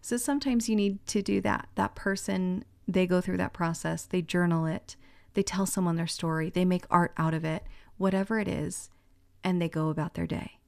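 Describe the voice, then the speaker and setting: Creaky-voiced woman channeling spiritual messages. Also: fairly low pitch, fairly even intonation, normal speed. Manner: relays what she hears and sees, gentle and musing, laughs often.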